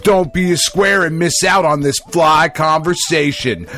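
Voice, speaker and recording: A podcast host putting on an overexcited 1990s slang-talking dude announcer for a comedic mock promo. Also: male voice, fairly high pitch, unhurried, soft background music. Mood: hyped. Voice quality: overexcited, loud valley-slang delivery.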